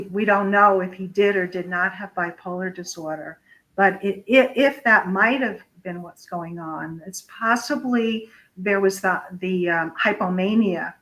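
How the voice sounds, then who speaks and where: A woman host speaks slowly in a bright, clear tone. She interviews a guest, asking gentle and careful questions and often restarting her sentences. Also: medium pitch, rough recording.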